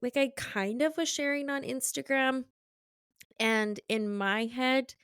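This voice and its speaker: A woman's voice: sits high, takes it slowly, fairly bright tone, clean tone, no room sound, studio quality. A young woman hosting a podcast interview, talking candidly and chattily, full of "like" fillers and easy laughs. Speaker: podcast host. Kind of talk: casual conversational interview.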